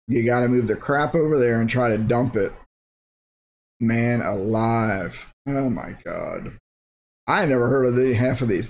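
Casual male vlogger, sarcastic and rambling, mid-pitched, faint hiss behind. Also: darkish tone. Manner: rambling, sarcastic, thinking aloud. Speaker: crypto mining channel host. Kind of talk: casual screen-share commentary.

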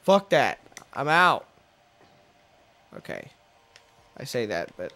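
A man hosting a let's play, giving casual gameplay commentary that swings from low mumbling to frustrated shouting, with free swearing. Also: wildly swooping pitch, slow pace, pauses often, faint music behind.

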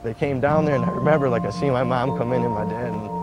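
A quick-paced man with a mid-range voice rambles through his personal story in a casual interview, music playing in the background. He's full of fillers and acts out the quotes he relays.

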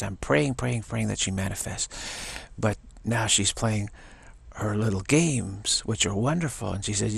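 A man's voice: lowish voice, moderate pace, vocal fry, breathy edge, no echo. A man telling a rambling, enthusiastic story in a casual monologue, often restarting his sentences.

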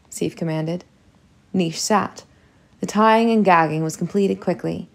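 Storybook narrator, woman, steady and measured, gravelly fry. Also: fairly low pitch. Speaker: audiobook reader.

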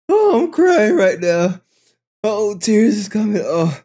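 A male live-stream host with a very lively, swooping voice that drops low and jumps high. He takes his time, letting words stretch out. His talk is slangy and profane, loose and unguarded. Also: slow pace. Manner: unguarded, swings between drawl and squeals. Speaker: livestream host. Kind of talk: casual live-stream commentary.

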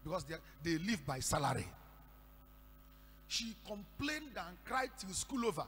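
A Nigerian man preaching a sermon, telling stories and breaking into shouted declarations. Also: on the high side, sing-song, normal speed, long pauses. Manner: storytelling with sudden shouted declarations. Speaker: pastor. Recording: echoey hall with faint hum.

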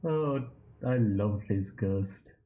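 A man's voice: lowish voice, animated, drawn-out words, crowd noise. A man commenting on a video game he is playing, rambling and trailing off as he reacts. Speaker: gaming streamer. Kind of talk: let's play commentary.

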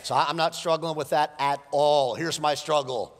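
A man's voice: a little high, fairly even intonation, moderate pace, in a large hall. A man preaching a sermon as pastor, moving from a casual story to fervent exhortation. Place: large church hall.

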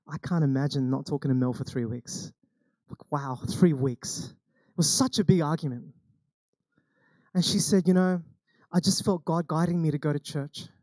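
Aussie pastor guy preaching, chatty storytelling, dark mellow tone, dry close sound. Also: on the high side, no echo. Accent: Australian. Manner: conversational storytelling with acted quotes. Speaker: senior pastor. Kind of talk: sermon.

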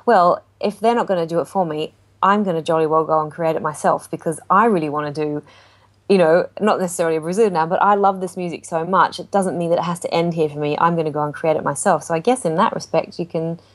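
Woman, low voice, lively anecdote-teller, interview guest. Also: fast talker. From Australia. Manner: animated storytelling with acted-out quotes. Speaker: jazz singer guest. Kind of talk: casual interview chat.

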